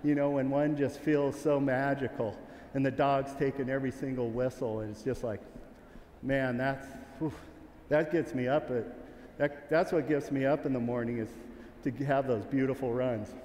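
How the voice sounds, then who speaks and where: A man's voice: mid-range voice, fairly even intonation, normal speed, a little mellow, echoey room, big-room sound, a little hiss or hum. A man giving a sheepdog training clinic, talking candidly and in a rambling way, with many restarts, while calling commands to his dog. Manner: calls commands to a working dog. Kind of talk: clinic talk to an audience. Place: large event arena.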